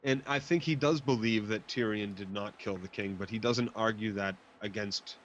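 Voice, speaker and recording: A man co-hosting a podcast, casually discussing a TV episode and cutting in with lively, laughing asides. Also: on the low side, moderate pace, lo-fi sound, a little hiss or hum. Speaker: podcast co-host.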